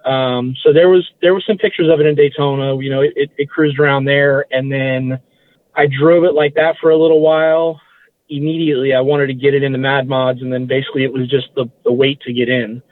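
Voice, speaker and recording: A man's voice: mid-range voice, level tone, brisk, dry recording. A man, a guest in a casual interview, recalling things in a rambling way and correcting himself as he goes. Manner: rambling, self-correcting recollection. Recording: tinny phone-like line, dry.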